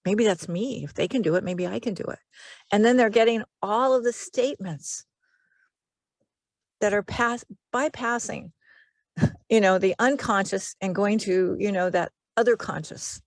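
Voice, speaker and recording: An earnest woman hypnotherapist talks on a video call and repeats phrases as she builds her point. Her voice is at a middle pitch. The sound is dry, with no room echo. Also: a little slow. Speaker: hypnotherapist guest. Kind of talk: casual video call chat.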